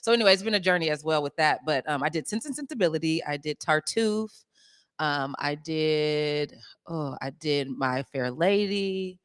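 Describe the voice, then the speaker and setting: A young adult woman, a stage actress, chatting as a guest in an interview, talking loosely with many fillers and quick laughs. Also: low voice, clean tone, no room sound, studio quality. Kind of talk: casual interview chat.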